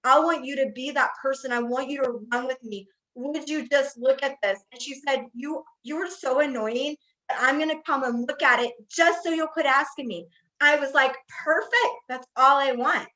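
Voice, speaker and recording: A woman's voice: high-pitched, moderate pace, sharp tone, rough recording. An older woman giving a motivational talk on building a sales team, telling personal stories with emphatic repetition. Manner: emphatic, storytelling, repeats phrases for effect. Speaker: network marketing speaker.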